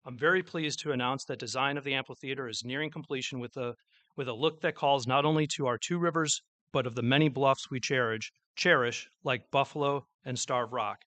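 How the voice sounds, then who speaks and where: A man's voice: mid-range voice, fairly quick, fairly bright tone, no echo. A man giving a formal public address as mayor, telling a story with small slips. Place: public event with an audience.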